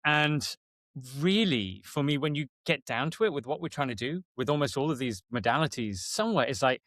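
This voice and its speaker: Brief: man guest, halting and wry, dry close recording, mid pitch. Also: lively intonation, a bit bright, no echo. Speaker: guest, relationship educator. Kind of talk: casual podcast chat.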